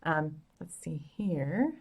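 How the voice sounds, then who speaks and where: Chatty woman doctor with a lowish voice. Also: very animated, very slow, vocal fry, husky, narrow, tinny audio. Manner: chatty, upbeat, frank, laughs at herself. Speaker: fertility doctor answering viewer questions. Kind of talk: casual live Q&A chat. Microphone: phone.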